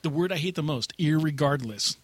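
A man's voice: on the high side, a little fast, dry recording. A man hosting a podcast, chatting casually and teasing his co-host, laughing often. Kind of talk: casual chat.

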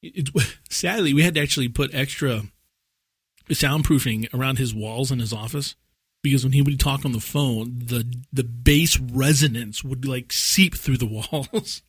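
A man's voice: mid-range voice, moderate pace, slightly rough, no room sound, studio quality. A man co-hosting a podcast in casual chat, playful and rambling, laughing often as he tells stories. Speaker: podcast co-host.

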